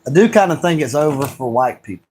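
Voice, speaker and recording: Male livestream host, higher-pitched, heated ranting delivery built on repeated rhetorical questions. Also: lively intonation, fast talker, darkish tone, slight background noise. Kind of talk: solo livestream monologue.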